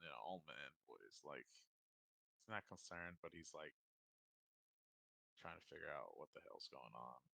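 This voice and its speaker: A man's voice: rumbling low, animated, a little slow, gravelly, long pauses, sharp tone, no room sound. A man playing a tabletop game and describing his character's actions, talking casually and hesitantly, with some swearing. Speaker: player. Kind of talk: casual tabletop role-play.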